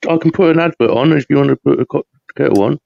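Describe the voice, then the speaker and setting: A man's voice: medium pitch, fast talker, vocal fry, no room sound, lo-fi sound. A man from the UK hosting a live podcast, rambling and chatty, laughing often. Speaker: podcast host. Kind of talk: casual live podcast chat.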